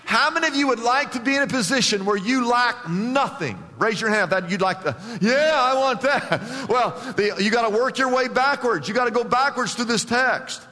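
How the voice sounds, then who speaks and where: A man pastor preaching a sermon emphatically, with big swings in pitch and loudness, in a church. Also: normal speed, few pauses, long reverb tail.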